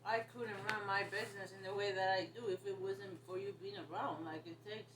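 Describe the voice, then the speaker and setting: A woman answering her partner in a hesitant, defensive, halting way. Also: mid-range voice, fairly even intonation. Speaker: partner in a home conversation. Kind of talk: casual conversation. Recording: distant echoey noisy recording.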